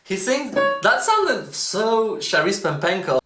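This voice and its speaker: Lively, slow-talking vocal coach in echoey room. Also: medium pitch. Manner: enthusiastic, breaks into exclamations and sung snippets. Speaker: vocal coach reacting to a singing video. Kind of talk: casual reaction commentary. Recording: roomy echo, faint music behind.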